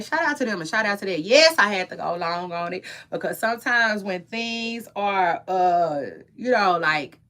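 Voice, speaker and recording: A young woman with a bright, forceful voice chats straight to her viewers. She speaks AAVE and swings her pitch a lot, offering strong opinions in a loose, rambling way, restarting and repeating words as she goes. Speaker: gossip and entertainment commentator. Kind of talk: casual chat to viewers.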